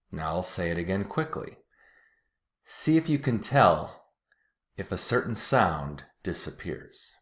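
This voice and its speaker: Patient male pronunciation teacher, low voice, unhurried, repeats each word with care. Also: sing-song, a bit bright. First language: English. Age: adult, watched TV as a kid in the 80s-90s. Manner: patient, repeats words slowly and clearly. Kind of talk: slow, deliberate pronunciation lesson.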